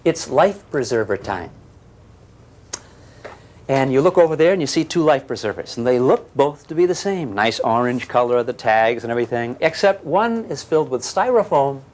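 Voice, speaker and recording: A man's voice: mid-range voice, expressive, moderate pace, a little mellow, a little hiss or hum. An older man giving a physics lecture to a class, teasing and questioning his students as he explains. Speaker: physics teacher.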